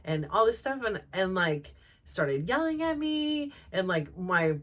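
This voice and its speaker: A middle-aged woman talks through a personal story in a casual, rambling way, with "like" in nearly every line. She is frank and self-reflective, and her voice sits at an ordinary middle pitch for a woman. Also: sing-song, unhurried, a bit bright. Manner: rambling, heavy use of "like" fillers. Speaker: host.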